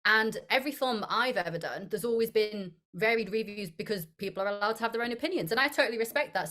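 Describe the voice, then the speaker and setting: A young woman, an actor being interviewed, who chats in an upbeat, animated way and laughs often. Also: mid-range voice. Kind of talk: casual interview chat.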